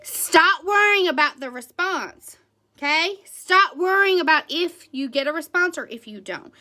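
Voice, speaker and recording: A woman's voice: very high voice, expressive, unhurried, bright, forceful tone. A woman who directs a direct sales team, giving an emphatic motivational talk to her team and checking in with "right?" and "okay?".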